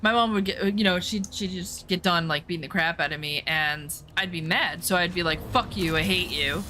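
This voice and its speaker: Bright-voiced woman chatting while gaming. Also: on the low side, fairly even intonation, brisk, a little hiss or hum. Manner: candid, rambling, many fillers. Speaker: game streamer. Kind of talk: casual chat while playing a game.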